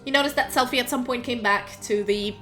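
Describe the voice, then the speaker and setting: A woman's voice: a little high, brisk, a bit bright, soft background music. A woman narrating a tabletop game as game master, rambling with many ums and restarts.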